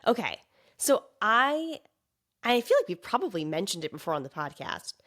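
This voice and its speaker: A woman guesting on a podcast, raspy from a cold, talking in a wry, playful way. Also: medium pitch, sing-song, normal speed, fairly bright tone. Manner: wry, playful, laughs easily. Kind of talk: casual chat.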